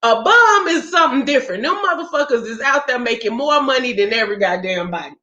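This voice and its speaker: A woman, talking casually to her viewers in a blunt, profane, animated way. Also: fairly high pitch, fast talker. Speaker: spiritual practitioner vlogger. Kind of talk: casual livestream chat. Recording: roomy, dull lo-fi sound.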